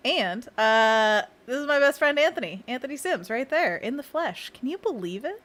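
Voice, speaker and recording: A woman's voice: fairly high pitch, animated, normal speed, fairly bright tone. Bubbly young woman streamer. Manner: bubbly, chatty, laughs often. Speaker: streamer and children's book illustrator. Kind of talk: casual live-stream chat.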